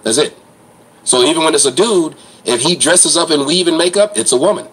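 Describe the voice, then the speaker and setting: A man's voice: on the high side, fairly quick, a bit bright, breathy edge, low-quality recording. A man hosting an online commentary show, ranting in a blunt, crude, mocking way.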